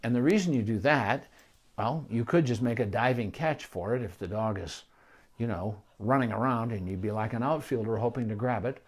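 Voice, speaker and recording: A man's voice: medium pitch, normal speed. A middle-aged man, a veterinarian, giving an informal talk on training puppies, speaking conversationally with asides and restarts. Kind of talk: informal teaching on puppy training.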